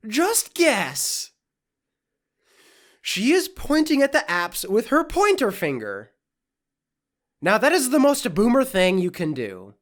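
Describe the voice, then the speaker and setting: A podcast host giving sarcastic, profane reaction commentary in deadpan asides. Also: medium pitch, slow, long pauses.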